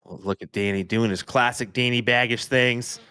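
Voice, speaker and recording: A man's voice: medium pitch, steady tone, normal speed, bright, forceful tone, clean tone, dry recording. A man co-commentating live darts in a laid-back, laughing way, calling his partner bud.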